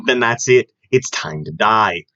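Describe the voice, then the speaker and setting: A man's voice: lowish voice, expressive, pushed and bright. This is a young man who talks in a loose, rambling way and jumps from one joke to the next. He sounds like he's chatting with a friend on a podcast. The audio is dull and lo-fi, and the sound is dry, with no room echo. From Southern United States. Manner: rambling, jokey, quick to laugh. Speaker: podcast co-host. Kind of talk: casual chat.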